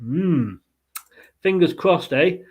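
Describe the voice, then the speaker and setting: Give me a chatty man with a fairly high voice hosting a relaxed post-match football podcast. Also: slow, breathy edge. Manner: chatty and rambling, with fillers and playful asides. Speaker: football fan podcast host.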